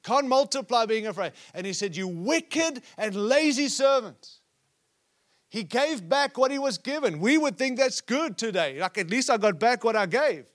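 A man preaching a sermon at a conference, acting out scripture quotes and dropping to a hush at times. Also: extremely high pitch, animated, moderate pace, hardly any pauses. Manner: preaching with sudden drops to a hushed voice; acts out quoted speech from scripture stories. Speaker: conference speaker. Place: conference hall.

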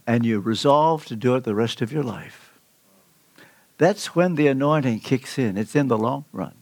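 An older man preaching a sermon, telling stories with emphatic swings in pitch. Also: lively intonation, moderate pace, a little mellow, no echo. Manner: storytelling, emphatic with sudden pitch leaps.

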